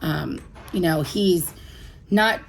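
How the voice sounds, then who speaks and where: A woman in her thirties telling a personal story to camera, halting and emotional, with many pauses and restarts. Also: fairly low pitch, gravelly, a little hiss or hum, poor audio. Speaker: vlogger. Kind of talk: candid personal chat to camera.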